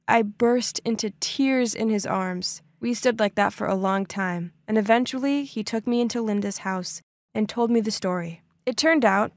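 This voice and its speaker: A woman's voice: on the high side, dry recording, clean studio sound. A young woman narrating a dramatic first-person story with lots of exclamations.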